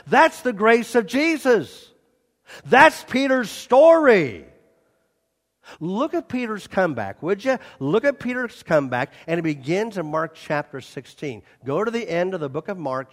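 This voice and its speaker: High-voiced animated preacher in a hall. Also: male voice. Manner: animated preaching, surging loud on quotes and appeals. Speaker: pastor. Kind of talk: sermon.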